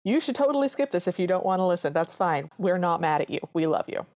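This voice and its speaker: A woman's voice: fairly low pitch, sing-song, fast talker, a little mellow, no room sound, clean studio sound. A woman co-hosting a podcast, chatting earnestly as she reviews an old cartoon. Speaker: podcast co-host. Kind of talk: casual chat reviewing a cartoon.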